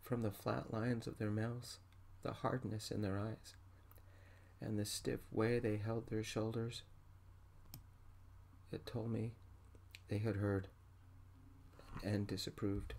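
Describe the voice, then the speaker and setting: Soft spoken guy reading an audiobook, gentle and emotional, low mellow voice with some fry. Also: slight background noise. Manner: gentle, intimate, emotional first-person reading. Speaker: audiobook narrator.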